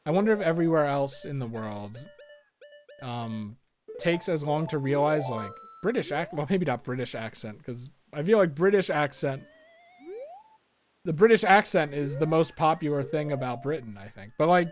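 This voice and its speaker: A young Philadelphia man, a let's play gamer, rambles casually while commenting on his gameplay, musing aloud with plenty of fillers and restarts. His voice sits on the high side with lively intonation at a normal speed. Faint music plays behind him.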